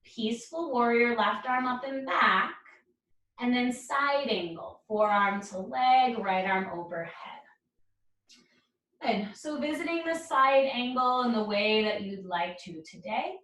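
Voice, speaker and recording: A woman leading a yoga class, calling out poses and breaths in calm, encouraging cues. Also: fairly high pitch, unhurried, distant mic. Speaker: yoga instructor. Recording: roomy echo, speaker away from mic.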